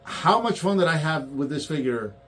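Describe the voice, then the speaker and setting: A man's voice: fairly high pitch, normal speed. A man in casual chat about toy collecting, telling stories and acting out quotes. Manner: animated storyteller, acts out quotes.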